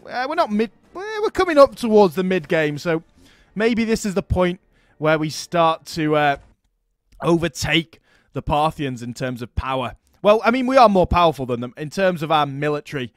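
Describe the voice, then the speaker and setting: A man hosting a strategy game let's play, chatting casually and thinking aloud, getting excited over his battles. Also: fairly high pitch, moderate pace, no room sound, studio quality. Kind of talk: casual gameplay commentary.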